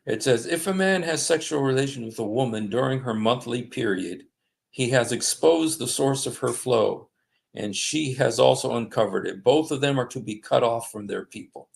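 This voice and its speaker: A man hosting a livestream, reading passages aloud in a halting way, with many fillers and apologies. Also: medium pitch, lively intonation, vocal fry. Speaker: livestream host. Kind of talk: casual livestream commentary reading texts aloud. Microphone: desktop streaming mic.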